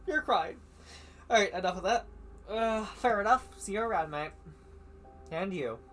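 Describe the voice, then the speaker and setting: A man's voice: high voice, normal speed, fairly bright tone, slight background noise. A man streaming a visual novel, reading every character's lines and the narration himself, stumbling now and then and adding his own asides.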